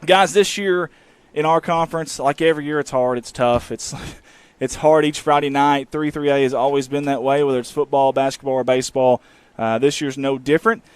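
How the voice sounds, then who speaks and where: A man hosting a live high school football pregame show from the press box, folksy and rambling with teasing asides. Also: steady tone, a little fast, smooth, no room sound. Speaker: sports broadcast host.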